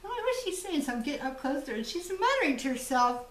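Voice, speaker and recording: Her voice is high, fairly bright, and very animated as she races along, a jewelry designer hosting her channel and swapping stories with viewers while laughing often. The echoey home-shop room and far-off mic add a little hiss or hum.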